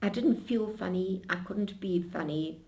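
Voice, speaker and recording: Older lady in an interview, lively storyteller, trips over her words and restarts a lot. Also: fairly low pitch, unhurried. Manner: animated storyteller with frequent restarts.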